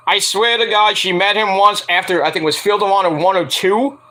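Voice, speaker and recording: A man's voice: high-pitched, moderate pace, bright, forceful tone. A man rambling casually to camera as a wrestling vlogger, swearing freely and full of fillers. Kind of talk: casual profane chat to camera.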